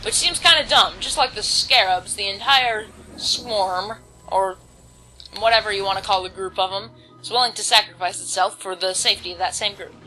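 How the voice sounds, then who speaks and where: Teen girl, let's-play commentator, bright tone, chatty and rambling, faint music behind. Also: mid-range voice, moderate pace, poor audio. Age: teens. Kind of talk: casual gameplay commentary. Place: home, volume kept low.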